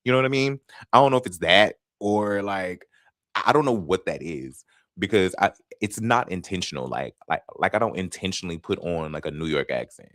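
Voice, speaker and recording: Animated Southern man chatting with viewers. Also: sits low, brisk, no echo, clean studio sound. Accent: Southern US, North Carolina. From Fayetteville, North Carolina. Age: 30s. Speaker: host. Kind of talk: casual livestream chat.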